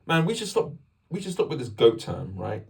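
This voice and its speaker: With vocal fry and a breathy edge, his mid-range voice comes at a normal speed through a distant mic. The young English vlogger chats casually to camera about faith, rambling energetically and cutting into his own sentences.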